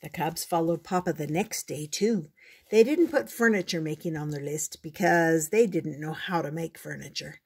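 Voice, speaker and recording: An older woman reading a children's picture book aloud, gentle and measured. Her voice sits low and comes through husky and breathy. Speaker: storyteller. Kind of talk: storybook read-aloud.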